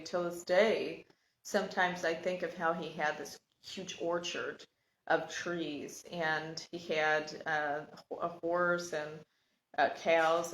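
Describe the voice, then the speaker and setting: Halting, reflective woman in an echoey room. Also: sits low, a bit bright. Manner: halting, reflective, searching for words. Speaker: podcast host sharing personal story. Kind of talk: casual reflective monologue.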